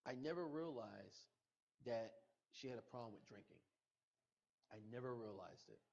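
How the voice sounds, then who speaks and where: A man's voice: mid-range voice, lively intonation, moderate pace, vocal fry, a little mellow. A middle-aged man, a podcast guest, retelling a painful personal loss with emotion, repeating himself and quoting what people said. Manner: emotional, repetitive retelling with quoted dialogue. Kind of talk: personal storytelling. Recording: muffled podcast audio.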